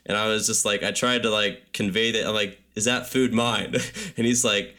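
Lively young man telling a story. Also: on the low side, a little fast. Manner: animated, laughing storyteller with filler words. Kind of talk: casual storytelling chat.

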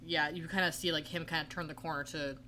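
A woman's voice: low-pitched, steady tone, fast, sharp tone, slight background noise. A woman co-hosting a podcast, recapping a TV episode in casual chat and filling her talk with "like" and "um". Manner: chatty, heavy with "like" and "um". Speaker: podcast co-host.

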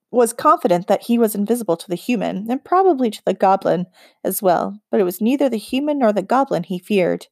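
A woman narrating a children's fantasy novel as an audiobook, in a measured storytelling read. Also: medium pitch, darkish tone, no echo, clean studio sound. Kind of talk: scripted narration.

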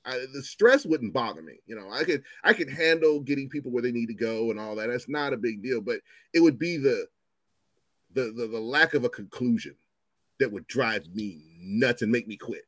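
Man, 50s, storyteller guest; lively swooping delivery, salty language, dry close sound. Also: medium pitch, normal speed, no echo. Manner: animated, profane, acts out voices in his stories. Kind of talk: casual storytelling chat.

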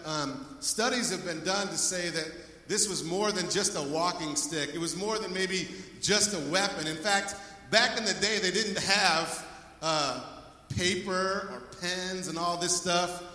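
High bright-voiced male pastor preaching. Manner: energetic, calls out to the congregation for praise. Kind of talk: sermon. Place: church sanctuary. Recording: echoey hall, voice from far off.

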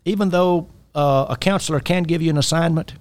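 A man's voice: fairly high pitch, a little fast. A man talking as a life coach about faith and personal responsibility, earnest and exhorting. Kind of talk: faith-based coaching talk.

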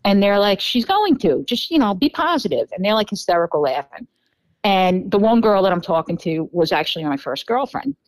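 A woman's voice: mid-range voice, brisk, no room sound, low-quality recording. Chatty New York woman telling a story. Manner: animated, acts out quoted dialogue, many fillers. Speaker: podcast guest. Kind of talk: storytelling in a casual interview.

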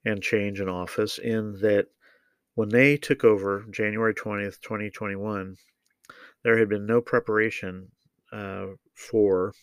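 A man giving opinionated solo political commentary, measured and deliberate, with frequent ums and uhs. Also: fairly low pitch, dry recording.

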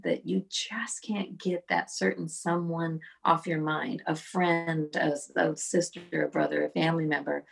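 Husky, gravelly middle-aged woman storyteller. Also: lowish voice. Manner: storytelling, animated, with restarts. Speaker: songwriter guest. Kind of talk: casual podcast conversation.

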